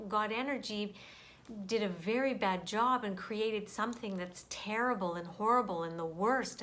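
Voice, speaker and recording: A mother speaking gently and earnestly in an inspirational vlog, sharing a spiritual message with viewers. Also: mid-range voice.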